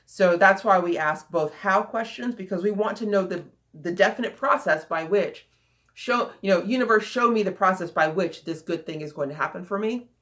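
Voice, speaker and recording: A woman coach giving a casual, chatty teaching talk, lively and repeating phrases for emphasis. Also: medium pitch, moderate pace.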